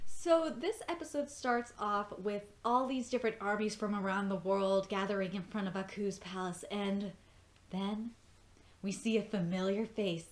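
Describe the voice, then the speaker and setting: A woman gives a casual fan review of a TV episode, excitable and gushing. She swears freely, laughs often, and her pitch jumps high when she gets worked up.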